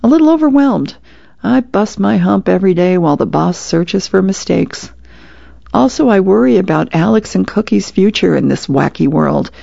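A woman's voice: medium pitch, animated, normal speed, gravelly, warm tone, no room sound. A woman voicing an overwhelmed middle-aged husband, rambling on in a lifted voice. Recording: dull lo-fi radio sound.

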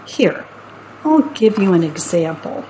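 Slow, playful woman reading a picture book. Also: lowish voice, a little hiss or hum, low-quality recording. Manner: playful, expressive narration. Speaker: storyteller. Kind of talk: picture book read-aloud.

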